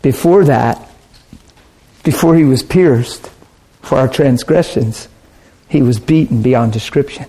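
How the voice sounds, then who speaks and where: A man's voice: mid-range voice, takes it slowly, dark tone. A man preaching a sermon in an earnest, conversational way, asking his listeners rhetorical questions.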